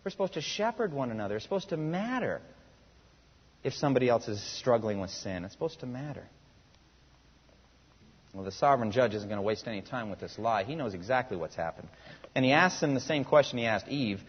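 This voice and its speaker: Quick and expressive, a male pastor with a breathy, mid-range voice preaches to his congregation. He asks rhetorical questions and reads scripture with rising emphasis, recorded in muffled fashion inside a reverberant hall.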